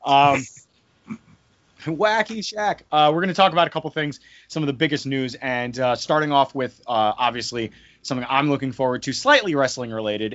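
A man's voice: mid-range voice, fairly bright tone, dry recording. A man hosting a casual podcast, joking around and slipping into hyped announcer bursts. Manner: jokey, hyping announcer bursts. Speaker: podcast host. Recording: dull lo-fi audio, dry.

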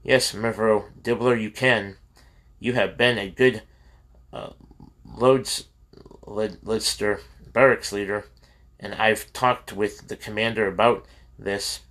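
A man reading the lines of a tired, kind woman camp leader, gentle and reassuring. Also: on the low side, fairly even intonation, slow, long pauses.

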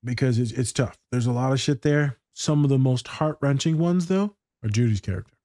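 A man in casual conversation, talking bluntly and swearing freely as he tells stories. His voice is mellow and dark in tone, in a dry, close recording with no room echo. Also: mid-range voice, fairly quick. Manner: blunt, profane, storytelling. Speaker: therapist reacting to a TV scene. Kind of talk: casual reaction chat.

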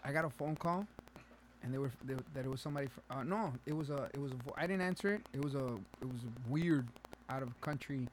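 A man's voice: medium pitch, fast talker, slight background noise. A man co-hosting a casual podcast, telling stories animatedly and switching between English and Spanish. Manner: animated storyteller, acts out callers in raised voices. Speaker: podcast co-host. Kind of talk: casual chat.

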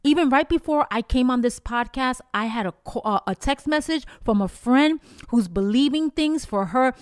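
A woman's voice: sits high, animated, normal speed, smooth, no room sound, studio quality. An older woman hosting a devotional podcast, talking in a fervent, encouraging, preacherly way and closing with prayer. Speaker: podcast host.

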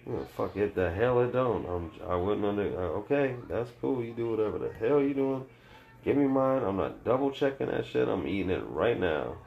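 A man hosting a podcast, telling rambling stories in a profane, animated, casual way. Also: on the low side, normal speed, creaky, dull audio. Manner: profane, animated, tangent-prone. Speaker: podcast host.

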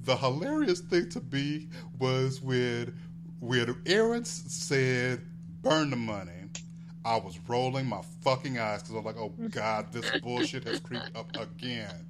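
A man's voice: unhurried, noisy background. A man co-hosting a casual podcast, ranting and laughing, with lots of swearing. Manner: animated, swearing, laughing, jumps high when outraged. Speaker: podcast co-host reviewing soaps. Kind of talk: casual profane chat.

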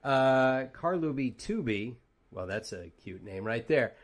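A man's voice: medium pitch, expressive, unhurried. A man hosting a casual interview, chatty and joking as he reads out viewer questions. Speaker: podcast host.

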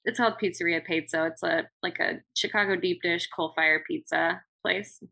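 Woman guest, chatty and upbeat, bright tone, low-leaning voice, video call. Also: fairly even intonation, normal speed, creaky, poor audio. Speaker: podcast guest, restaurant server. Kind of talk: casual video-call chat.

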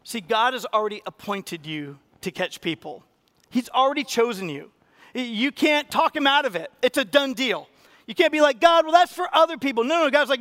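Moving fairly quickly, a pastor preaches with energy, and his pitch and loudness leap suddenly whenever he takes on a quoted voice.

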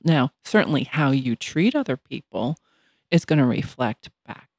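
A woman's voice: extremely low pitch, expressive, normal speed, a little mellow, no room sound, studio quality. A woman in her sixties co-hosting a casual talk show, speaking reflectively and thoughtfully. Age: 60s. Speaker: podcast co-host. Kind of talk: casual chat.

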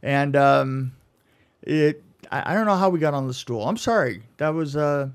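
A man's voice: a little high, animated, clear, resonant tone. A man co-hosting a podcast, telling a long rambling story in casual chat, stumbling over words and laughing often. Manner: rambling, halting, laughs a lot. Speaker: podcast co-host.

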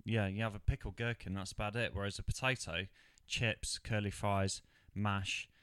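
A man's voice: lowish voice, fairly even intonation, normal speed, a bit bright, clean tone, no echo, clean studio sound. A man co-hosting a podcast, rambling through a film's plot in casual chat and laughing often. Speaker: podcast co-host. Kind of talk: casual film review chat.

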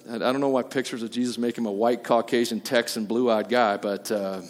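Emphatic preacher man in a reverberant hall. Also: mid-range voice. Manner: emphatic, jokey asides, swings between loud and quiet. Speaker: pastor. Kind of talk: sermon. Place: church hall.

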